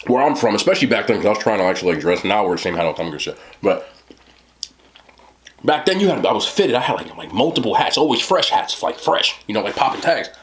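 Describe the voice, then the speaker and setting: Rambling New Jersey man with lively pitch. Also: fast talker. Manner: rambling, laughing, lots of "you know what I'm talking about". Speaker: mukbang host. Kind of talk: casual storytelling to camera.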